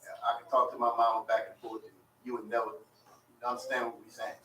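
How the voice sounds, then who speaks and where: A man's voice: mid-range voice, completely flat delivery, fast, background noise. A man in the congregation casually explaining local sayings. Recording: roomy sound from a distant mic.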